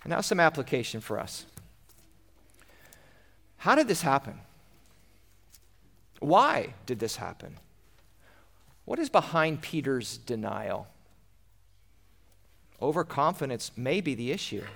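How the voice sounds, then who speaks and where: A man's voice: fairly high pitch, very animated, slow pace, gravelly, long pauses, fairly bright tone. A man preaching a sermon, retelling a scripture story dramatically with rhetorical questions.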